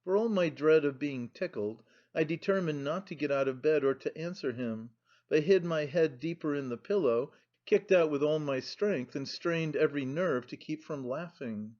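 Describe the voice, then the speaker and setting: A man reads an audiobook aloud in a slow, measured way. His voice sits a little high for a man. The recording has a dull, lo-fi sound. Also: a little mellow. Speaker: audiobook narrator. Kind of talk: scripted audiobook narration.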